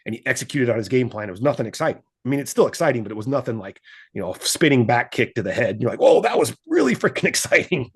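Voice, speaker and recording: A man's voice: medium pitch, racing, husky. A man guest on a business interview, talking casually and animatedly about money, often acting out the voices of the people in his stories. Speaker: guest, finance coach.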